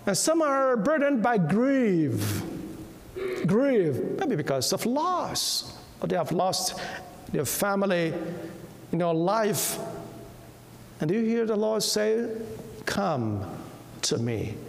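Male preacher, high and very expressive voice, slow deliberate delivery, long hall reverb. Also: slight background noise. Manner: slow, emphatic, repeats key words; softens to a hush when quoting. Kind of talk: sermon.

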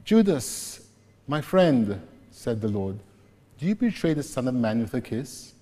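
A man preaching a sermon, slowly and deliberately retelling scripture scenes. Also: mid-range voice, big pitch swings, mellow. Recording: long reverb, echoey hall.

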